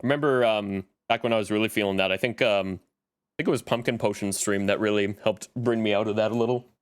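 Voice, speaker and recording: A man's voice: lowish voice, fairly even intonation, brisk, clean tone. A man streaming live in casual chat, greeting viewers by name as he talks.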